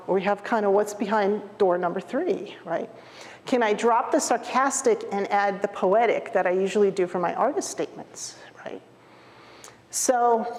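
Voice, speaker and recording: A woman's voice: medium pitch, big-room sound. A woman giving a casual presentation to a photography club, chatty and often asking "right?".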